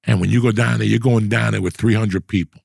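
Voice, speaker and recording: Casting: middle-aged male podcast host, gravelly and husky, swearing storyteller, dry close sound. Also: lowish voice, steady tone, fast talker, a little mellow, no room sound. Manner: profane, rambling storyteller. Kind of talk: casual storytelling chat.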